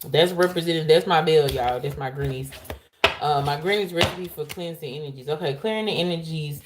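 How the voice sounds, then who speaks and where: A woman giving a live tarot reading to her viewers, excitable and laughing loudly as she calls out to them. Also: deep voice, brisk, noisy background. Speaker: tarot reader.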